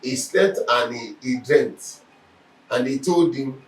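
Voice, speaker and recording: A man's voice: mid-range voice, takes it slowly. A man giving a Bible lesson, telling stories animatedly and acting out what people said. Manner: animated storytelling, acts out quoted speech. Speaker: Bible teacher. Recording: echoey room from a distance.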